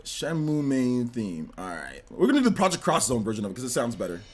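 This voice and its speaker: A man's voice: mid-range voice, fast talker, soft background music. A man hosting a casual gaming livestream, chatting loosely and reading viewer donations. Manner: relaxed, chatty, many fillers. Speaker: livestream host.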